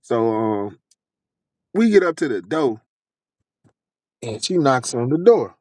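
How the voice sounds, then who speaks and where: Animated, foul-mouthed man telling a story. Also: medium pitch, slow, dry recording. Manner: animated, profane, lots of quoted dialogue. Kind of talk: casual storytelling.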